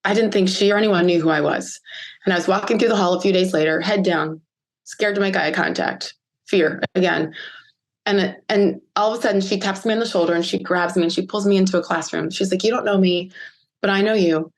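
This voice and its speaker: Woman, 50s, from the US; podcast guest recounting her past, heartfelt, pausing to steady herself. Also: mid-range voice. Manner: earnest, emotional, pauses to collect herself. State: choked up. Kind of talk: podcast interview, personal storytelling.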